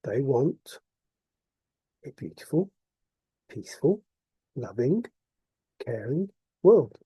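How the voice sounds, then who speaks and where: A man's voice: mid-range voice, sing-song, slow pace, mellow, breathy edge, dry recording. A man delivering an impassioned, repetitive monologue full of rhetorical questions. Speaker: vlogger.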